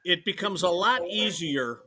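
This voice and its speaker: Bright high-voiced wry man. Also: animated, unhurried. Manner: wry, self-deprecating humor. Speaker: guest, holiday co-creator. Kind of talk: casual storytelling interview.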